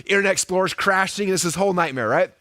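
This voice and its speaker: A man teaching online marketing to a live group, acting out quoted voices in a high excited pitch. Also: quick pace, dry recording, clean studio sound. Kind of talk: energetic teaching talk.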